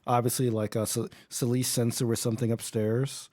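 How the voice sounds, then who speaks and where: A mid-pitched man talks casually at a tabletop role-playing session. His sentences wander, and he sometimes stammers and repeats words. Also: level tone, brisk, darkish tone. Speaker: tabletop game player. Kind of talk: casual in-character chat.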